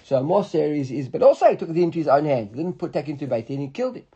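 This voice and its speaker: Animated high-voiced man teaching Talmud. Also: very fast, husky, muffled recording. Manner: animated, stumbling restarts, mixes Hebrew and Aramaic terms. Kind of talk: daily Gemara class.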